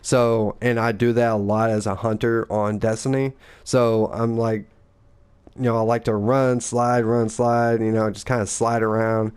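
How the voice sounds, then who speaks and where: A man's voice: medium pitch, little pitch movement, a little slow, a little mellow, smooth. A man and father, co-hosting a casual gaming chat, rambling and profane, acting out the lines people said. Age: adult father. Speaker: gaming podcast co-host.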